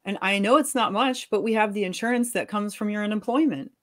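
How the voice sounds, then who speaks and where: A woman's voice: medium pitch, a little fast, close to an everyday voice. A woman in a live reading, voicing an angry, sarcastic wife and mother scolding her husband. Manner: sharp, sarcastic.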